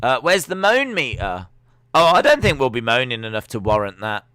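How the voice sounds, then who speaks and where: A man's voice: medium pitch, big pitch swings, normal speed, sharp tone, clean tone, no echo, studio quality. A young man hosting a live stream watch-along, giving chatty, sarcastic, opinionated commentary.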